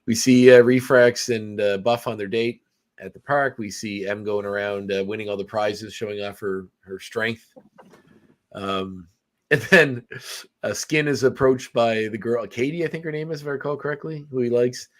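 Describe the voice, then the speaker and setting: A man's voice: medium pitch, fairly even intonation, moderate pace. A man hosting a podcast, casually recapping a film with many fillers and restarts. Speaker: podcast host. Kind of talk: casual movie review chat.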